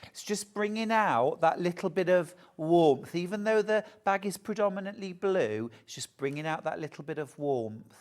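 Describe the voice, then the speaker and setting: A woman's voice: on the low side, expressive, normal speed, few pauses, darkish tone. A middle-aged British woman presenting a live TV shopping show about sewing, chatting and gushing over fabrics.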